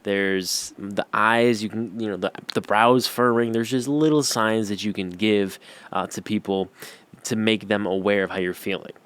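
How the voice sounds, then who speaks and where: A man's voice: on the low side, fairly even intonation, moderate pace, a bit bright, clear, resonant tone. A young man giving a casual on-camera lesson, rambling with lots of fillers and slang. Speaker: YouTube coach. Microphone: camera-facing.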